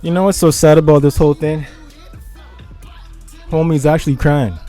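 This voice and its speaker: A subdued man comments quietly on a video he is watching, speaking casually and without hurry. His voice is dark and mellow. Faint music plays underneath. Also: fairly high pitch, fairly even intonation, normal speed.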